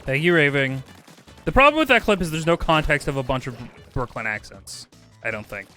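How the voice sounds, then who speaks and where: Lively guy streaming a game, bright voice, yelps then mumbles, chats with viewers, music under it. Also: a little high, brisk. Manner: animated, chatting with viewers, swings from yelps to mutters. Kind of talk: casual live gameplay commentary.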